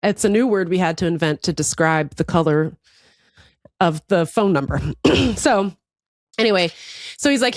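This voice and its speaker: A woman's voice: fairly low pitch, lively intonation, moderate pace, pauses often, no echo, studio quality. An American woman co-hosting a podcast, telling a story with lots of swearing and laughter. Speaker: podcast co-host. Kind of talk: casual chat.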